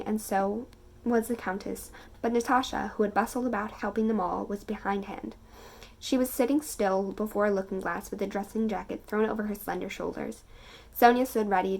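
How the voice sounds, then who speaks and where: A young woman of eighteen reads passages aloud, then chats about them in a loose, gushing way, full of fillers and little giggles. Her voice sits at an ordinary middle pitch with a noticeable creaky fry running through it. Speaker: book vlogger. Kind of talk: casual reading vlog, reading passages aloud.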